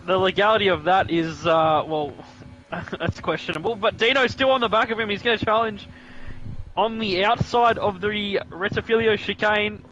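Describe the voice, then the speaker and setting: A man's voice: high-pitched, moderate pace, fairly bright tone, muffled recording. A man hosting a live sim racing stream, commentating the race with joking banter that picks up when the action heats up.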